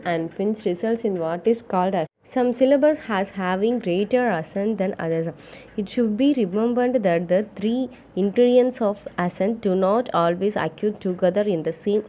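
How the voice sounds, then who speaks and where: A woman reads a lesson on phonetics aloud in a steady, measured delivery. Her voice is mellow and soft-edged, at a middle pitch. She sometimes stumbles over words in the text. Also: slight background noise. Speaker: lecturer. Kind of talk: read-aloud lecture on English phonetics.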